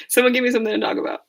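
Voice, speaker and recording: Young woman rambling on a livestream, kinda hoarse, giggles a lot, self-deprecating. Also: a little high. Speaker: livestream host. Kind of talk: casual livestream chat.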